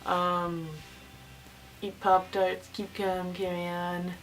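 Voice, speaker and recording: Teen girl vlogger, chatty and giggly, full of fillers; distant camera mic with soft music. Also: on the low side, completely flat delivery, takes it slowly. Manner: rambling, giggly, lots of fillers. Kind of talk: casual storytelling.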